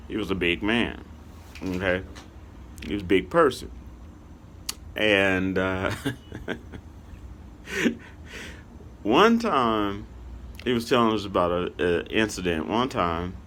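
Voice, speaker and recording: A man from Kansas City, Missouri, telling a casual story to his channel's viewers, rambling and filling pauses with "okay" and "you know.". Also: fairly low pitch, fairly bright tone, slight background noise.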